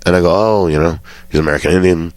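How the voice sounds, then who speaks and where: A man with a deep, low voice recounts showbiz anecdotes as a guest on a talk show. He swears casually and slips into the voices of the people he quotes. The sound is dry and close, with no room around it. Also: fast talker, darkish tone, no echo. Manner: swearing storyteller who acts out quotes. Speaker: comedian guest.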